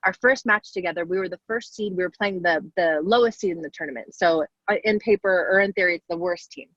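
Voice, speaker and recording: A woman's voice: lowish voice, fast talker, no echo. A woman in her forties answering young players' questions in a casual, encouraging way, speaking directly to them. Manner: warm, upbeat, talks directly to the kids. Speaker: guest athlete answering questions. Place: video call. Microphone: video call. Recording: dull lo-fi video call audio.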